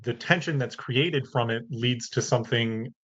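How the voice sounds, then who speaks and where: A man's voice: mid-range voice, normal speed, a bit bright. A man hosting a podcast who talks in a rambling, thoughtful way and laughs lightly. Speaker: podcast host. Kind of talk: casual podcast conversation. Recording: slightly dull lo-fi.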